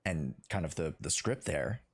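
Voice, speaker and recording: A man hosting a streamed interview, asking questions in a relaxed way with many fillers and restarts. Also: very deep voice, normal speed, vocal fry, breathy edge. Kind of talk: casual interview.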